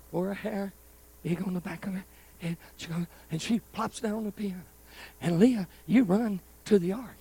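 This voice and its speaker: A man preaching a storytelling sermon at a live church service, speaking folksy and direct to the congregation, swinging from loud bursts to hushed asides. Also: sits high, creaky, breathy edge.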